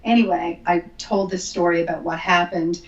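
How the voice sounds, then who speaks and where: A woman's voice: fairly low pitch, fairly even intonation, moderate pace. Canadian woman guest on a podcast, earnest story, um-heavy, kinda echoey lo-fi audio. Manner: earnest storytelling with many ums. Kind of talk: casual interview, telling her testimony.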